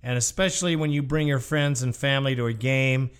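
A man's voice: medium pitch, fairly even intonation, brisk, smooth. A man hosting a call-in sports radio show, greeting callers in a friendly, casual way.

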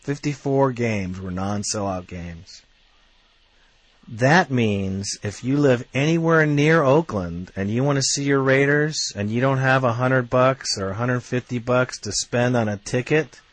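A man ranting as a fan commentator, blunt and quick to swear, working himself up into heated outbursts. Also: mid-range voice, no echo.

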